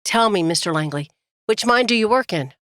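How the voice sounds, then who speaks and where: A woman voicing a caring male frontier doctor who asks his patient questions in a calm, earnest way. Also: mid-range voice, a little fast, no echo, clean studio sound, natural voice. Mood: gentle.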